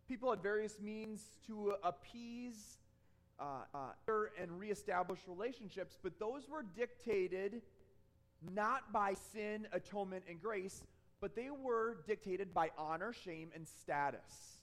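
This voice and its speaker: A man with a fairly high voice delivers a sermon. He keeps it conversational, telling stories from his own life and often stopping to ask "okay?". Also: a little slow, fairly bright tone. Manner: conversational, checks in with frequent "okay?"; tells personal stories to explain points. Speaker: pastor.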